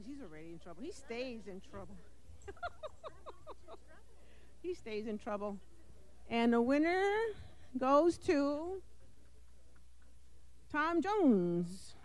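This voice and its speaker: A high-voiced woman announces door prize winners at a live event. She speaks slowly, laughing and stumbling over words while she is distracted. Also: sing-song.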